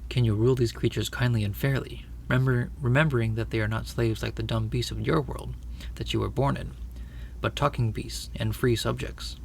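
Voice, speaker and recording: A man voicing a great, kingly male lion who speaks in a grave, measured, commanding way. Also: medium pitch, fairly even intonation, vocal fry, slight background noise, lightly acted. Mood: solemn.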